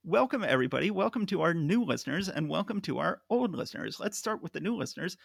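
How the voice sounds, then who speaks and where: A man's voice: on the high side, very animated, quick pace, creaky, husky, no room sound. A man hosting a podcast in casual chat, telling stories at length and laughing often. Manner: chatty, storytelling, laughs often. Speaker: podcast host.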